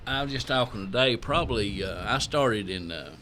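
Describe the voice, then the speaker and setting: A man in his sixties, a retired firefighter, speaking in a halting, plainspoken way in casual radio chat. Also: mid-range voice, animated, bright, forceful tone, slight background noise.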